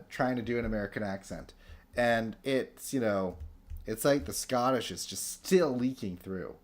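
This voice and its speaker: A man casually chatting on a game livestream, rambling through stories and answering chat with lots of fillers and restarts. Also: mid-range voice.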